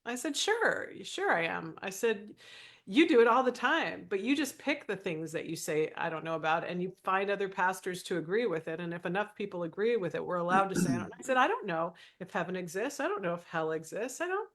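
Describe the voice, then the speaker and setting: A woman's voice: fairly low pitch, lively intonation, quick pace, hardly any pauses. A woman podcast co-host and former minister, telling a story animatedly and acting out the dialogue. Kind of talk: storytelling in casual conversation.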